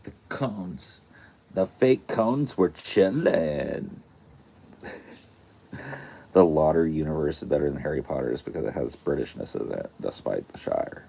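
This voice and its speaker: Low-voiced man in slangy banter. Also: lively intonation, normal speed, creaky, mellow, slightly rough. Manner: loose, joking, slangy banter. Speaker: podcast co-host. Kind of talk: casual chat.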